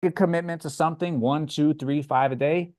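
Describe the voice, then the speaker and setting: A man with a Floridian accent, hosting a livestream and answering chat questions in a relaxed, chatty way with frequent filler sounds. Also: a little high, fairly quick. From Florida, USA. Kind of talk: casual livestream Q&A.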